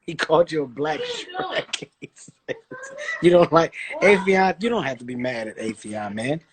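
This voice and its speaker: Guy at home on a live stream, roasting his friend, quick and excitable. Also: fairly high pitch, poor audio. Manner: fast, excitable roasting with laughter. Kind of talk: joking banter.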